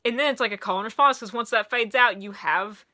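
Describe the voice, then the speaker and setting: Gushing high-voiced woman reviewing music. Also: fairly quick. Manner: gushing, rambling, bursts into singing along. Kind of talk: excited casual album review.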